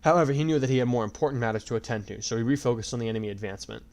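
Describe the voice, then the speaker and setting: A man's voice: medium pitch, fairly even intonation, racing, hardly any pauses, darkish tone. A man reading a fan fiction story aloud as narrator in a plain storytelling voice.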